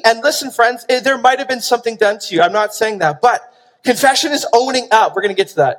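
Pastor, male, very high voice, animated emphatic preacher, big reverberant church hall. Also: fast. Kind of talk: sermon. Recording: long reverb of a large hall.

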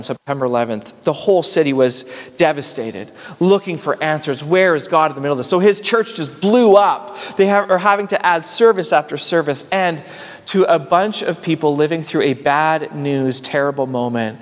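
A man delivers a sermon as a pastor, his slightly high voice ringing with a long reverb through the hall. He climbs louder and higher on questions, then sinks low and soft on his closing points, often repeating words as he reaches for the next phrase.

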